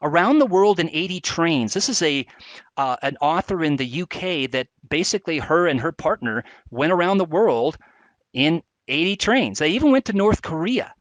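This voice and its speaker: A man's voice: on the high side, expressive, moderate pace, no room sound, rough recording. Enthusiastic man presenting a webcast. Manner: enthusiastic, chatty, with fillers. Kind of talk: live educational webcast talk.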